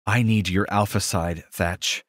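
A man's voice: fairly low pitch, fairly even intonation, unhurried, a bit bright, no echo, clean studio sound. A man voicing a bold young woman omega in an audiobook romance, with earnest, intimate pleading. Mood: demanding.

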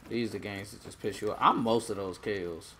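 A man giving casual, joking commentary while playing a shooter game, with sudden loud bursts of excitement. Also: fairly low pitch, a little fast, a little hiss or hum. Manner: joking, loose and self-mocking. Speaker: gamer.

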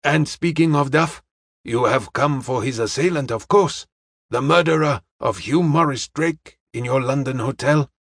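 A polite, formal detective, put on by a male audiobook narrator weighs every word with measured courtesy. The voice sits a touch higher than the narration. The recording is dry and close. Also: fairly bright tone, slightly rough, no room sound. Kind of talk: audiobook character reading.

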